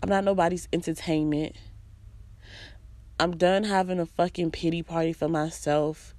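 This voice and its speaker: A woman's voice: fairly low pitch, fairly even intonation, moderate pace, darkish tone, no echo. A woman giving a blunt, profane, emphatic personal monologue, hammering her points home with repeated phrases. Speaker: vlogger.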